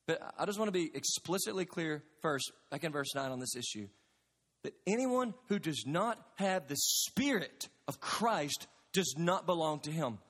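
Male pastor, high voice, earnest emphatic sermon, long church reverb. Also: animated, moderate pace, fairly bright tone, slightly rough. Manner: earnest, emphatic preaching with rhetorical questions. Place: church sanctuary.

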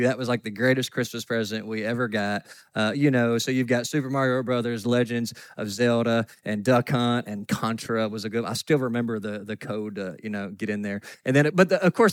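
Folksy joking pastor preaching. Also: male voice, mid-range voice, no echo. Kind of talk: sermon. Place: church sanctuary.

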